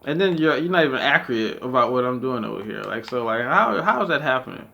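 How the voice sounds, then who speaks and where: A man's voice: medium pitch, lively intonation, quick pace, creaky, pushed and bright, lo-fi sound. A man giving casual gameplay commentary on his channel, rambling with lots of fillers, swearing and laughing as he talks. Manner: rambling, filler-heavy, profane; laughs often mid-sentence. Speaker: gaming channel host.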